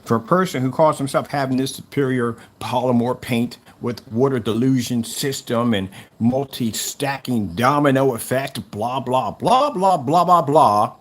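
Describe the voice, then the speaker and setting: A man delivering a mocking, repetitive callout rant against a rival seller. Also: mid-range voice. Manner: taunting, mocking, repeats himself. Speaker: YouTuber calling out a rival seller.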